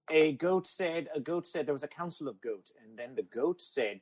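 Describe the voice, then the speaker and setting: Faint music plays behind this podcast host, whose animated, high-leaning voice moves at normal speed with hardly any pauses, captured in poor phone-app audio. He runs an absurdist comedy podcast, speaking of himself in the third person, formally and without contractions, while chanting his catchphrases repeatedly.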